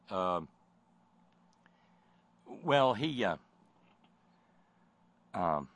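A man's voice: fairly low pitch, unhurried, a bit bright, no room sound. A man giving sardonic spoken commentary, mocking and rambling with many fillers and false starts.

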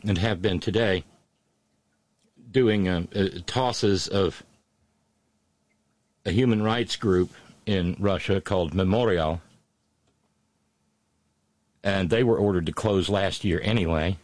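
A man giving casual, sarcastic news commentary, halting with many fillers and restarts. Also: low voice, a little mellow, dry recording. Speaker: political commentator.

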